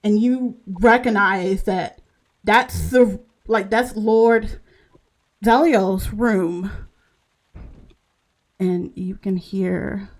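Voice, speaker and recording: A woman running a tabletop game, narrating at an unhurried crawl, often pausing and restarting as she hunts for words. Her voice sits at a middling pitch. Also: steady tone. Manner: slow, halting narration with many fillers and restarts. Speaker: game master.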